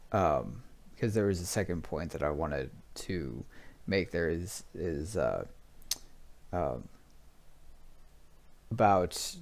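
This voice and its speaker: A man hosting a video, giving casual commentary after a clip in a halting way, with many pauses and restarts. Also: low-pitched, a little mellow. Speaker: video host.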